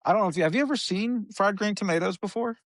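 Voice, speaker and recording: A man's voice: sits high, racing, no echo, studio quality. A man from Indiana co-hosting a podcast in casual chat, rambling and trailing off into restarts as he talks. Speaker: podcast co-host.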